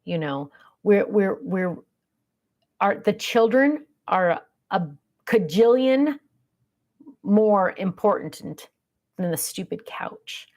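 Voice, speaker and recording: A middle-aged woman chats casually on a livestream, wandering from story to story and stopping to read viewer comments aloud. Her voice sits at an ordinary middle pitch. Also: animated, takes it slowly, pauses often, darkish tone. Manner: chatty, rambling, reads viewer comments aloud. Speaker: livestream host.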